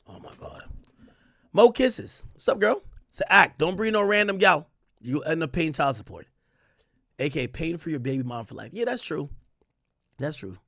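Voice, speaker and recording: Animated slangy man on a livestream. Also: on the high side, moderate pace, no echo, studio quality. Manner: animated, slangy, reads chat aloud and rants. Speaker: livestream host reading chat. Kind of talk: casual livestream commentary.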